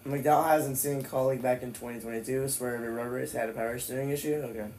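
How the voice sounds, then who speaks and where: A man's voice: mid-range voice, fairly even intonation, fast, darkish tone, slight background noise. A man hosting a livestream who reacts to a car race in casual speech, bluntly calling out positions and swearing now and then. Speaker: livestream host watching a race.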